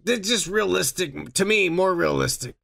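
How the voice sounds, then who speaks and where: A man's voice: high-pitched, expressive, moderate pace, gravelly, fairly bright tone. A man co-hosting a podcast, chatting casually and rambling, swearing and restarting his sentences. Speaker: podcast co-host. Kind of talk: casual chat.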